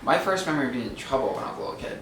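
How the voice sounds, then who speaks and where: A man's voice: medium pitch, very fast, echoey room, far from the mic, noisy background. A young man, co-host of a casual chat, telling childhood stories and acting out the voices in them. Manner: animated storyteller, acts out quotes.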